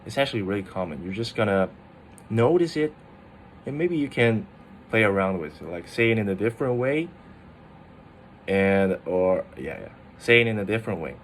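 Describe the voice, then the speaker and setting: A man's voice: on the low side, lively intonation, moderate pace, pauses often, a little hiss or hum. A young man who is a native Chinese speaker gives a casual, chatty video lesson on tones, laughing often and playing with his voice. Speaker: Chinese tutor.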